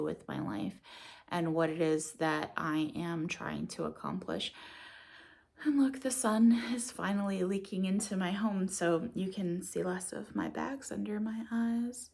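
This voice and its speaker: Woman, thirties, low gravelly morning voice, rambling home vlog chat. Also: expressive, takes it slowly. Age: 30s. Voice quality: gravelly, just out of bed. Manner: rambling and reflective, with many fillers. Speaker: vlogger.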